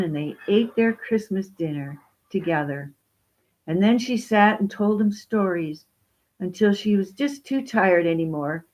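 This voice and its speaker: A woman telling a children's story in a slow, expressive way. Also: medium pitch, highs cut off.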